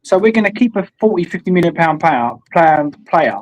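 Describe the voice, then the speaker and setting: A man arguing his opinions forcefully as a guest on a casual fan show. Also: fairly high pitch, expressive, fairly quick, highs cut off. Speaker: panel guest. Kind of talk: casual fan podcast chat.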